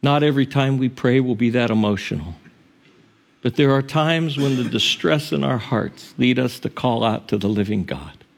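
A male pastor preaching a sermon in an earnest, expressive storytelling manner, sometimes correcting himself mid-word. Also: mid-range voice, normal speed, vocal fry.

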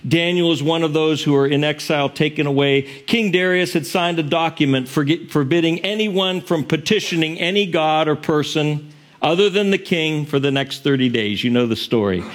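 A male pastor preaching a sermon in an earnest, expressive storytelling manner, sometimes correcting himself mid-word. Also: a little high, normal speed.

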